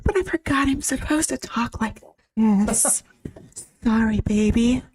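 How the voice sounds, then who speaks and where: Woman putting on a squeaky girly voice. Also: slow pace, darkish tone, slightly rough. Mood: teasing. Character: exaggerated high girly anime-style woman.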